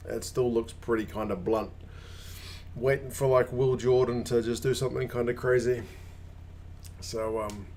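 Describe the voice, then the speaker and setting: A man's voice: mid-range voice, a little mellow, slight background noise. A man hosting a live rugby watch-along, chatting casually, rambling and greeting viewers by name. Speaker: rugby channel host.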